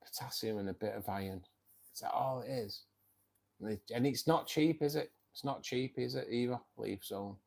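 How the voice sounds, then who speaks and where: A man's voice: mid-range voice, moderate pace, creaky, a little mellow. A man, tired and self-mocking, chatting casually and laughing often as host of a live stream. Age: 50s. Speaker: livestream host.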